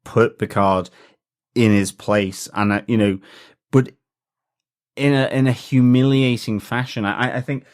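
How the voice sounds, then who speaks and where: A man's voice: mid-range voice, steady tone, measured pace, pauses often. A man co-hosting a podcast, chatting enthusiastically with frequent fillers and restarts. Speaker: podcast co-host. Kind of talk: casual podcast discussion.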